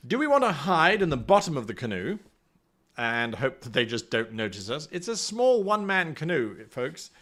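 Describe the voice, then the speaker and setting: Lively, higher-voiced man running a gamebook. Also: normal speed. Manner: animated, thinks aloud with playful asides. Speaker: game master. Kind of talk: live-streamed solo gamebook play, reading aloud and chatting with viewers.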